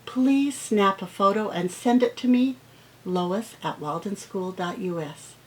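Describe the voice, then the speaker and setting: A middle-aged woman teacher reading picture books aloud to children, acting out the sound words with animated expression. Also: mid-range voice, rough recording. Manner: slow, gentle pace.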